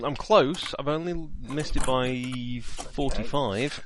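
A man's voice: medium pitch, slow, a little hiss or hum. A man playing a tabletop game, wry and self-mocking about his rolls. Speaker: player. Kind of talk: casual play banter.

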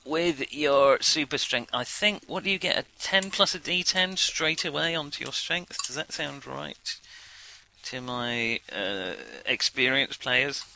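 A man runs a tabletop game over a video call, his voice very bright and edged. The line makes him sound gurgly and a little metallic. He chats, jokes and reads out the dice results. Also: mid-range voice, unhurried, creaky, a little hiss or hum, rough recording. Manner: chatty, laughing and wisecracking. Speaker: game master.

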